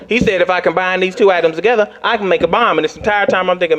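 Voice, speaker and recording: Man, stand-up comic, high voice, animated storytelling, squeals when acting scared. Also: fast, a little hiss or hum. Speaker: stand-up comedian. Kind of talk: stand-up comedy set.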